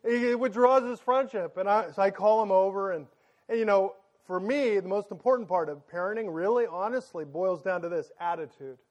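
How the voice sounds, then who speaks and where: High-voiced excited male pastor preaching. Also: normal speed, dull audio. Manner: joking, storytelling, loud and excited. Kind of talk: sermon. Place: church sanctuary.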